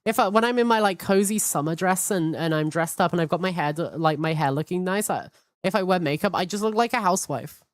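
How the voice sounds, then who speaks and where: A woman's voice: on the low side, fast talker, hardly any pauses, no room sound. A woman streaming from home, chatting in a hyperactive, cheeky way and swearing freely. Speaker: VTuber streamer. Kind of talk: casual live-stream chat.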